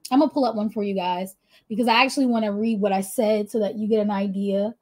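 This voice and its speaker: A woman's voice: medium pitch, steady tone, fast talker, a little mellow. A woman giving casual motivational business coaching, chatty and talking straight to her listeners. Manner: chatty, addresses listeners directly, frequent "right?".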